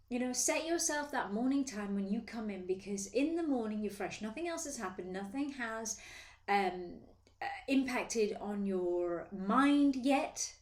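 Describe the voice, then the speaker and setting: Woman coaching in an echoey office. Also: on the high side. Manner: lively, acts out inner voices. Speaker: sales coach. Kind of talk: casual motivational talk to camera. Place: her office.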